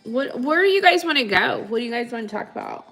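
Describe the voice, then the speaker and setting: A woman's voice: fairly high pitch, expressive, fast, a bit bright, faint music behind. A woman doing a live tarot reading for her viewers in a chatty, playful way, laughing often and calling them honey and kids. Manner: calls the audience kids, honey, guys. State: sniffly. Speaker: tarot reader.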